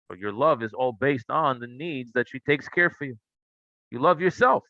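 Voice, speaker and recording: Guy giving a torah class, bright forceful voice, lots of questions, dull dry recording. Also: mid-range voice, normal speed, dry recording. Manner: animated storytelling, asks rhetorical questions. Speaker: rabbi teaching a Torah class.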